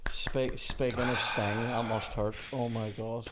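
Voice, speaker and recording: A man's voice: mid-range voice, flat delivery, heavy background noise. Man, Northern Irish accent, podcast host, casual sweary chat, gig stories, playing a video game. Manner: sweary, storytelling, quick asides.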